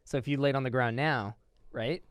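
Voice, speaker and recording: A young Southern Californian man co-hosting a comedy podcast, riffing with deadpan delivery and halting restarts. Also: mid-range voice, clean tone, no room sound, studio quality. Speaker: podcast co-host. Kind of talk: improvised comedy banter.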